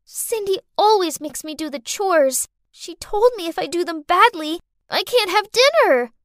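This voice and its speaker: A woman voicing a manipulative little girl in an animated story, whiny one moment and coldly threatening the next. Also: very high voice, unhurried, no room sound, studio quality, heavily acted. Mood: upset.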